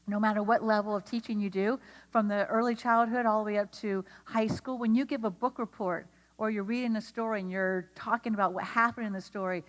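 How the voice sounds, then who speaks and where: A woman giving an animated workshop lecture to teachers, often putting questions to the audience. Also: medium pitch, brisk. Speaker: speaker at an educator training. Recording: long hall reverb.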